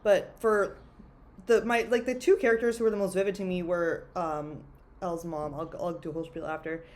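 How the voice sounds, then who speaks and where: In a lowish, fairly even voice with a darkish tone, a young female podcast co-host speaks a little quickly about books. Her frank, casual talk leans hard on "like" and other fillers, and a slight hiss or hum sits under the recording.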